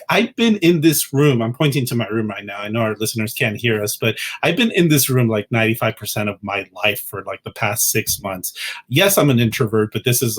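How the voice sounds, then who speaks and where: A man's voice: on the low side, a bit bright. A man co-hosting a podcast in casual political chat, earnest and often restarting his sentences. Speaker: podcast co-host.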